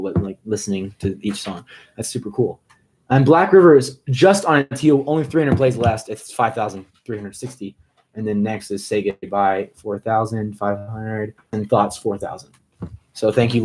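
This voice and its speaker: A man chats loosely on his own live stream, upbeat and rambling, hopping between thoughts with quick asides. His voice sits at an ordinary middle pitch. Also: darkish tone. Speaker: musician hosting a live stream. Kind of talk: casual live-stream chat.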